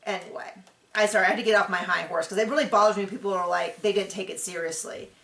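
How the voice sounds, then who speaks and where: A woman's voice: mid-range voice, fairly even intonation, fast talker, creaky, fairly bright tone. A woman hosting a reality-TV recap, chatty and opinionated, rambling with lots of fillers. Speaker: TV show recap host. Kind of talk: casual reality-TV recap commentary. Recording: echoey room.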